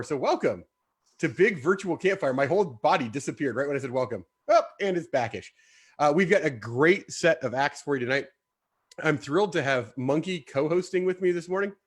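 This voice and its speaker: A man emceeing a live show with playful, joking banter. His voice sits a touch high. He keeps things upbeat and moving. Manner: jokey and playful, quick banter. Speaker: host.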